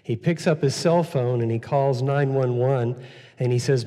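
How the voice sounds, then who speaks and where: A man's voice: medium pitch, steady tone, moderate pace, dark tone. A man preaching an Easter sermon as pastor, conversational, repeating key phrases and using frequent fillers. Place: church sanctuary. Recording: long hall reverb.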